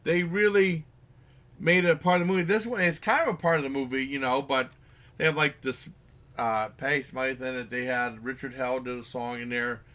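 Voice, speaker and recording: A man's voice: medium pitch, steady tone, sharp tone. A man giving a casual spoken movie review, rambling with lots of fillers and restarts and acting out lines from the film. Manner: acts out characters' lines in quick bursts.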